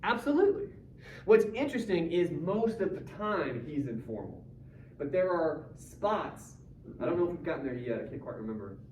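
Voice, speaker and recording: A man's voice: on the high side, sing-song, moderate pace, darkish tone. Casual male teacher in an echoey classroom. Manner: casual, joking, asks the class questions. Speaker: high school English teacher. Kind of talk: classroom discussion. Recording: roomy classroom from far off, dull, faint noise.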